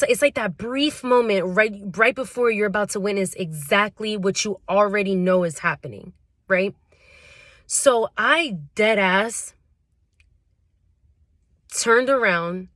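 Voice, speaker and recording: A woman's voice: mid-range voice, fairly bright tone, no echo, studio quality. A young woman vlogger telling a storytime tale in casual slang, full of fillers. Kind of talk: storytime vlog.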